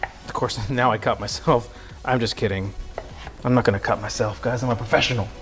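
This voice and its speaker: A man's voice: mid-range voice, fairly even intonation, fairly quick, a bit bright, faint music behind. A man hosting a cooking livestream, chatting casually and joking with his audience while he works. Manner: joking, rambling, self-deprecating banter with chat. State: out of breath from sawing. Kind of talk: casual live-stream chat while cooking. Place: home kitchen.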